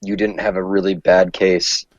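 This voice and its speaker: A man's voice: low-pitched, flat delivery, moderate pace, dry recording. A man co-hosting a podcast in casual chat, chiming in with jokes. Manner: joking interjections. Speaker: podcast co-host. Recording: slightly dull, lo-fi audio.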